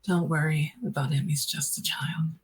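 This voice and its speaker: A woman voicing a regal empress who speaks in a measured, authoritative way with a husky voice. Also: low voice, fairly even intonation. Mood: commanding. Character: regal empress, composed and dismissive.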